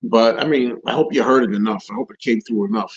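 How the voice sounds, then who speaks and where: A man's voice: medium pitch, quick pace, husky, highs cut off. A man hosting a live stream, answering viewer questions in casual rambling chat, repeating and restarting his phrases as he rants.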